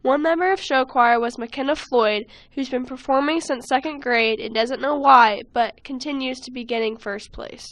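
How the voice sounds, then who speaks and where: Teen girl, high voice, student reporter, earnest scripted read, slightly halting. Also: fairly bright tone, no room sound, poor audio. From Ohio.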